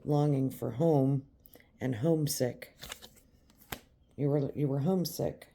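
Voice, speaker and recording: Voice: mid-range voice, slow, gravelly, dark tone, a little hiss or hum. A tarot reader giving a reading straight to the viewer, emphatic and repetitive. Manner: emphatic and repetitive, speaking directly to the listener.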